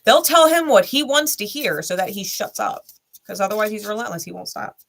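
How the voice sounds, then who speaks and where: A woman talks straight into the camera in a candid vlog, blunt and heavy on the swearing. Her voice is gravelly and bright, and she hammers her points home in short, repeated lines. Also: medium pitch, lively intonation, a little fast. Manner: blunt, heated, swears a lot, speaks straight to the listener. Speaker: tarot reader and channel host. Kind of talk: candid personal vlog monologue.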